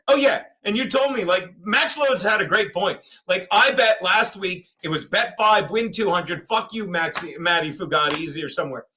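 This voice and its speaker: Brief: raunchy fifties stream host, high-pitched and bright, rambling stories. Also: male voice, slight background noise. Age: 50s. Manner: crude, rambling, loud storytelling. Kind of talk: casual sports watchalong chat.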